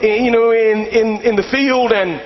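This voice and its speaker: A pastor preaching a sermon, swinging from raised, shouted exhortation to quieter storytelling. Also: male voice, high voice, steady tone, moderate pace. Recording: dull lo-fi sound in a long-reverb hall.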